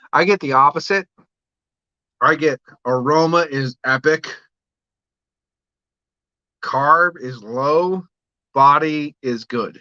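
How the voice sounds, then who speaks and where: A man rambles through a casual livestream, swearing freely and answering viewers as he talks about brewing. His voice is bright and forceful. The sound is dry and a little dull, like lo-fi home stream audio. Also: a little high, dry recording. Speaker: livestream host, home brewer. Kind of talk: casual livestream chat reading comments.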